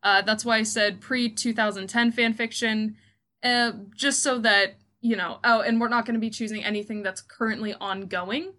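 A woman with a bright, forward voice chats as a podcast co-host. She talks casually, cuts in often and laughs easily. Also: a little high, steady tone, normal speed. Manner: chatty, interjects and laughs often. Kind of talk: casual chat.

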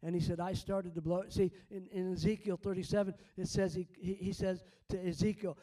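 Fervent prophetic minister, man, high voice, mellow tone, heard from a distance off the mic. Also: little pitch movement, a little fast, hardly any pauses. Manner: fervent, repeats words, quotes God as speaking. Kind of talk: prophetic ministry over congregants.

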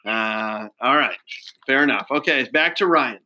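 A man's voice: medium pitch, measured pace, bright, forceful tone, poor audio. Upbeat man hosting a quiz. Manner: upbeat, praising, many fillers. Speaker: quiz host. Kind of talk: casual game quiz.

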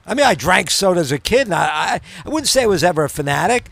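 A middle-aged man co-hosts a casual talk show, telling his stories in an animated, emphatic way. His voice sits high for a man. It is recorded close and dry, with no room sound. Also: fast, vocal fry, no echo. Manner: animated storyteller, self-described moaner. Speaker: co-host. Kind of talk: casual chat.

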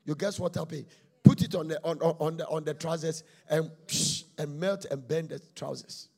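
A man preaching a sermon on marriage, telling stories dramatically, acting out quarrels, and swinging from hushed tones to shouting. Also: fairly high pitch, fairly even intonation, moderate pace, vocal fry.

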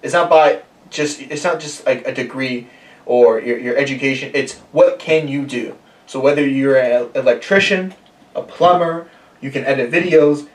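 A man's voice: mid-range voice, moderate pace, echoey room, far from the mic. A man in his twenties hosting a casual podcast, talking in a laid-back, rambling way with many fillers. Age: 20s. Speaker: podcast host. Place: room shared with guests.

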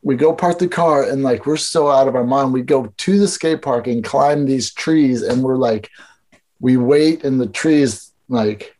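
A man's voice: medium pitch, a little slow, a little mellow. A man telling stories in a casual interview, loose and rambling, full of fillers and swearing. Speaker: guest. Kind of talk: casual storytelling chat.

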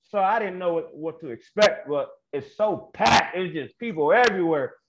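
A man's voice: high voice, animated, moderate pace. A young adult man, a guest wrestler, telling a story in a laid-back, slangy way and laughing often, on a muffled lo-fi recording. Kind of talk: casual storytelling interview. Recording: muffled lo-fi audio with faint noise.

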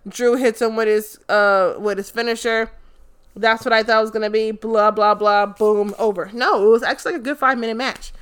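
A young woman recapping wrestling from her apartment, animated and blunt, swearing often. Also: on the high side, fairly quick, clear, resonant tone. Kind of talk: casual profane recap.

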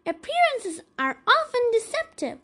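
A woman voicing a small, fussy mother mouse in a storybook reading, scolding and shrill. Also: big pitch swings, unhurried, fairly bright tone, exaggerated voice.

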